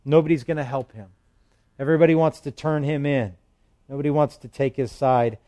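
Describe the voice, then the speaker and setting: A male pastor teaching through the Psalms in a relaxed, conversational way, reading verses aloud with emphasis and slipping in light humor. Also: medium pitch, brisk. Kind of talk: expository Bible teaching.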